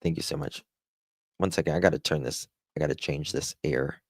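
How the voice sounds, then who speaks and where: Southern guy rambling on a live stream, deep voice, dry close mic. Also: brisk, darkish tone, dry recording. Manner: rambling, reads chat aloud and thanks viewers. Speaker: livestream host. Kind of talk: casual livestream chat.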